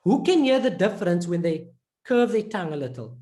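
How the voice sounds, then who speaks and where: A woman's voice: on the low side, expressive, fairly quick, dark tone. A woman teaching a live pronunciation class, encouraging her students and repeating syllables over and over to demonstrate. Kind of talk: live online class instruction.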